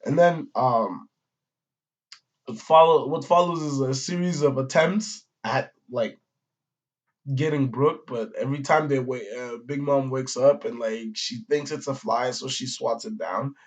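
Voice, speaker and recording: In an audio-only, dull lo-fi recording, a manga reviewer with a mid-range voice speaks a little slowly. He reviews a comic chapter in a rambling, casual style full of slang, swearing, and fillers.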